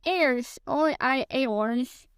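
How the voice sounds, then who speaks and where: A woman's voice: sits high, animated, fast, dry recording, studio quality. Tigger, a bouncy cheerful tiger, read by a woman. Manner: cheerful, boastful.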